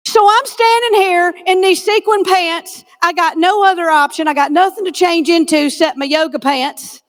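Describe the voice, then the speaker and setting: A woman's voice: very high voice, moderate pace. A woman giving a comedic motivational keynote, folksy and self-deprecating, with punchline delivery on a conference stage. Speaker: keynote speaker. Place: conference stage before a live audience.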